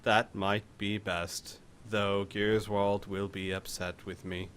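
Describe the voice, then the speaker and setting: A man's voice: fairly low pitch, flat delivery, takes it slowly, fairly bright tone, smooth, voice pushed down. A man voicing a clumsy, polite male golem who speaks in a mild, apologetic way. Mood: sheepish.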